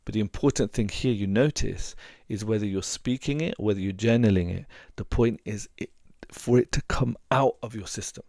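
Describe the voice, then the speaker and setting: A man's voice: on the low side, moderate pace, gravelly, hardly any pauses, a little mellow, no room sound, studio quality. A man who works as a relationship coach and hypnotherapist, giving earnest advice and repeating words for emphasis. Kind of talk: advice talk to camera.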